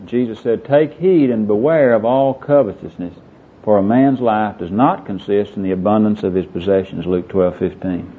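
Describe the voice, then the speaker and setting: A man's voice: lowish voice, moderate pace, slightly rough. A middle-aged man leading a Bible discussion, earnest and quoting scripture by chapter and verse. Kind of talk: Bible teaching talk. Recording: muffled lo-fi recording.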